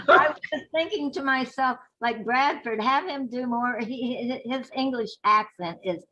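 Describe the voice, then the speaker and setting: A woman's voice: sits high, measured pace, pushed and bright, dull audio, slight background noise. An older woman, a burlesque performer, chatting as an interview guest in a rambling, giggly way. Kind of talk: casual interview chat.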